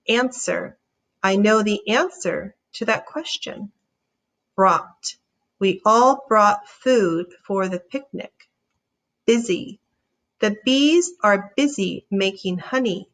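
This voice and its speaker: A woman teaching a reading lesson, sounding out words slowly and encouraging young readers. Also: medium pitch, fairly bright tone. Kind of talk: slow, clear phonics lesson.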